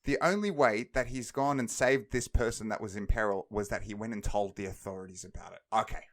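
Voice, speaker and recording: A man co-hosting a podcast, breaking down silly logic in a mock-serious, animated way. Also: lowish voice, a little fast. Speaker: podcast co-host. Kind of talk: casual comedic chat.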